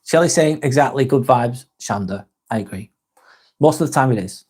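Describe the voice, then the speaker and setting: Guy rambling on a live stream, sweary, sarcastic, reading chat out, middle pitch. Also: lively intonation, moderate pace, a little mellow, slightly rough.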